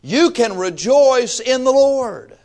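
A man's voice: very high voice, animated, slow, a little mellow. A man, preaching a sermon in a folksy, conversational way with emphatic rising bursts. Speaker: pastor.

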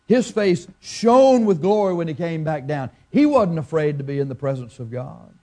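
An older man preaching a fervent sermon as pastor, building to loud emphatic peaks. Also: a little high, big pitch swings, moderate pace.

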